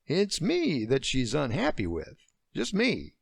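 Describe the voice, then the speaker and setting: A man voicing a gentle, weary widowed father reassuring his daughter, in a romance audiobook. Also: fairly high pitch, wildly swooping pitch, slow pace, vocal fry, husky, dry recording, pitched above the performer's own voice, heavily acted. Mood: tender. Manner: soft and reassuring.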